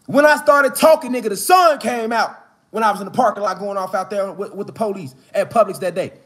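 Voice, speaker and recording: A man giving a fired-up, profane, slangy preaching monologue outdoors in the mountains, often rising to shouts. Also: high voice, brisk. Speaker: spiritual commentator.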